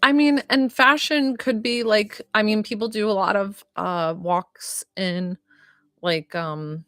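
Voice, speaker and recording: A woman's voice: mid-range voice, fairly even intonation, slow pace, fairly bright tone, dry recording. Woman psychic reader, chatty, giggly, close dry mic. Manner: chatty, many likes and ums, giggly. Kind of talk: live-stream psychic reading.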